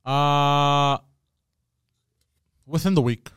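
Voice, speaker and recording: Calm, matter-of-fact man. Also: on the high side, very slow, clean tone, no room sound, clean studio sound. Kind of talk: casual chat.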